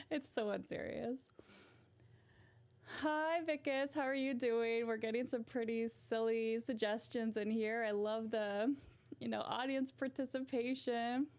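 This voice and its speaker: A woman's voice: a little high, fairly even intonation, slow pace, darkish tone. A young woman hosting a casual livestream, chatty and giggly as she talks to her viewers. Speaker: livestream host.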